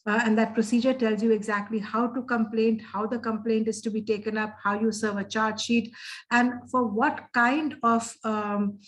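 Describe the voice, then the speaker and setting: A middle-aged woman giving an earnest, reflective talk as a guest speaker over a video call, often pausing with fillers. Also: on the high side, steady tone, low-quality recording. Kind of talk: interactive session talk.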